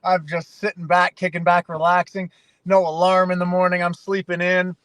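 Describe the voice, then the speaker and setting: A Canadian man, a fighter guest on a podcast, telling animated, emotional stories in casual conversation. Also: high voice, moderate pace, dry recording, rough recording. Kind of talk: casual interview.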